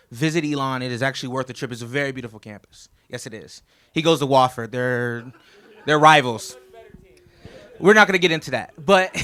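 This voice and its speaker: A best man with a drawl gives a wedding toast, rambling through old stories in a joking, chatty way. His voice sits a little higher than most men's. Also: fairly bright tone. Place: wedding reception.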